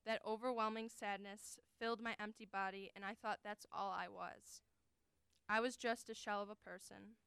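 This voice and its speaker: Young woman, very clear voice, earnest reading. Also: mid-range voice, steady tone, a bit bright, no echo. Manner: earnest, deliberate, emotionally weighted delivery. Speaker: college forensics team performer. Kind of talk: dramatic first-person prose reading.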